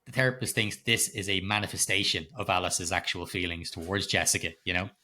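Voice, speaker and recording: A middle-aged man, co-hosting a podcast and retelling a film scene in animated, laugh-filled detail, swearing freely. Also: low-pitched, brisk. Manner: animated storytelling, heavy swearing, frequent laughter. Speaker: podcast co-host. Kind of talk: casual film-recap chat.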